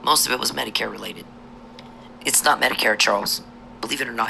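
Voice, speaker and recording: Woman vlogger, angry profane rant, gravelly and sharp, slips into whispers. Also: extremely low pitch, fast talker, a little hiss or hum, rough recording. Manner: profane, accusatory ranting that drops to a hushed whisper. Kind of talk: angry monologue to camera.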